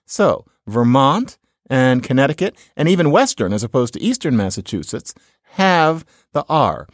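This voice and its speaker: A man's voice: mid-range voice, moderate pace, no room sound, studio quality. A middle-aged man hosting a podcast, giving a casual lecture on speech with wry asides. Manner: chatty, wry asides, lively intonation. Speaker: podcast host, linguist. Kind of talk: casual lecture with audio clips.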